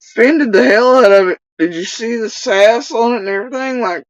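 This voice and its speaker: A woman's voice: on the high side, brisk, few pauses, dry recording, muffled recording. Rambling, laughing woman telling a story. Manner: rambling, laughing, swears freely. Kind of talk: casual storytelling livestream.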